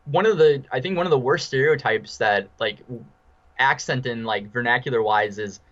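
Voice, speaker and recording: A relaxed man with an Upper Midwest accent talks as a guest, his voice sitting at an ordinary middle pitch. He chats in an easygoing way, often repeating words. The audio is dull and slightly lo-fi. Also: normal speed. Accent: Upper Midwest American. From Wisconsin. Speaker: MMA fighter, guest. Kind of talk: casual interview chat.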